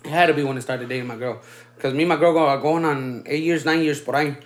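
A man's voice: on the high side, fast. A man in his thirties telling stories in casual chat, laid-back and slangy, dropping in Spanish filler words. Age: 30s. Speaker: podcast host. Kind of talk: casual storytelling.

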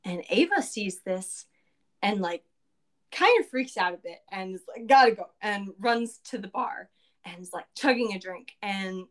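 A woman's voice: mid-range voice, animated, a little slow. A woman casually recapping a tabletop game session, chatty and full of asides.

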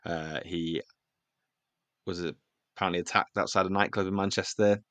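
A man's voice: deep voice, steady tone, moderate pace, fairly bright tone, dry recording. A man hosting a casual football podcast, reeling off stats with a wry, chuckling manner.

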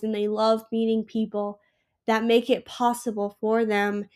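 A woman's voice: medium pitch, a little mellow. A sick young woman hosting her own podcast, gushing and emotional in a rambling casual chat. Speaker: podcast host.

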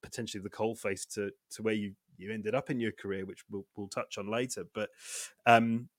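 A man's voice: lowish voice, steady tone, fairly quick, no room sound, studio quality. A man hosting a podcast, asking long, rambling questions with chuckles and restarts. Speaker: podcast host. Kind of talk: casual interview chat.

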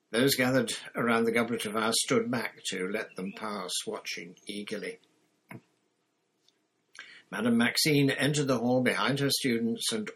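Low, husky male storyteller. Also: fairly bright tone, low-quality recording. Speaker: audiobook reader. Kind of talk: scripted narration.

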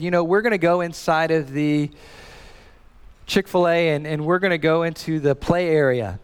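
A man in his thirties preaching a sermon as a pastor, telling a family story in a lively way and often repeating and restarting words. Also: on the high side, big-room sound.

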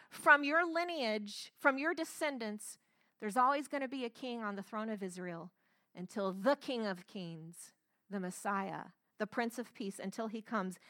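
High, bright-voiced woman preaching with passion. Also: no echo, studio quality. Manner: impassioned, swinging between loud emphatic peaks and soft hushed lines. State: tearful. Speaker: pastor. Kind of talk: sermon.

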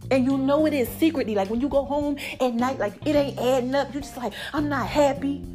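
High-voiced woman preaching to her viewers. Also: quick pace, soft background music. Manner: animated, preachy, addresses viewers as y'all. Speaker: vlogger. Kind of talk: motivational faith talk to viewers.

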